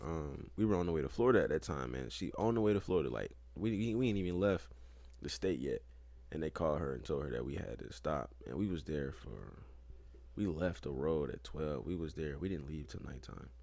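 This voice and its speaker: A young man with a deep, low voice spins a loose, cursing story at an easy pace. He sounds relaxed and conversational, like a podcast co-host chatting with a friend. The sound is close and dry, with no room echo. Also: a little fast. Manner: laid-back, profane, rambling anecdotes. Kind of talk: casual chat, storytelling.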